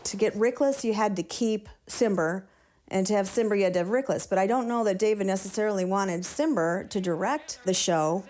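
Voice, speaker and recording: A woman's voice: mid-range voice, brisk, darkish tone. A woman interviewed for a documentary, explaining events in a matter-of-fact way.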